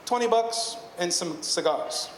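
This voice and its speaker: A man voicing a small, shady male street dealer who pushes his goods in quick, insistent patter. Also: high voice, expressive, pitched above the performer's own voice. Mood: haggling. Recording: echoey hall, faint room noise.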